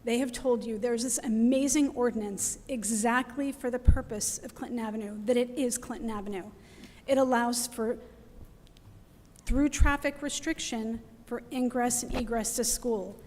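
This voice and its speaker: Woman, middle-aged, near tears, pleading, higher voice, long hall reverb. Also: fairly even intonation, moderate pace, darkish tone. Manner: pleading, emotional, urgent. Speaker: resident giving public comment. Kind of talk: impassioned public comment. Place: council meeting hall.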